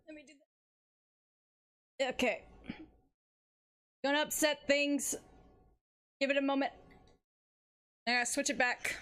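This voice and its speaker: A woman's voice: high-pitched, fairly bright tone. A woman streamer chatting casually while playing a game, distracted and laughing easily. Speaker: streamer voicing all characters. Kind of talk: casual live-stream chat.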